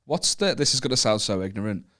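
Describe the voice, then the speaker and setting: A man's voice: on the low side, expressive, fast talker, fairly bright tone. A man with a Northern English accent, a comedy podcast co-host who banters and laughs often. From Northern England. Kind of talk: casual podcast chat.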